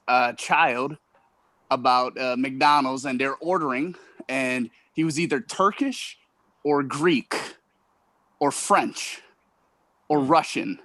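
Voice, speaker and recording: A man telling a rambling story on a video call from his dark bedroom, talking into his phone, with halting fillers. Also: medium pitch, no room sound. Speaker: stand-up comedian. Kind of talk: casual chat on a video call. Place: small dark bedroom at home.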